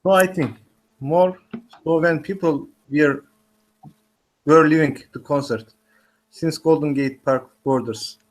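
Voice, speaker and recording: A man's voice: a little high, slow, long pauses, low-quality recording. A man in a language class reading a practice dialogue aloud carefully. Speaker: language student.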